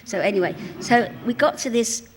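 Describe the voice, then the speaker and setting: An older woman with a London accent, telling cheeky show-business anecdotes in a chatty, animated way during a live stage interview in a cinema. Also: a little high, moderate pace, a little hiss or hum. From England. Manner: chatty, animated storytelling with bursts of laughter; mouthy, cheeky. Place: cinema auditorium with live audience.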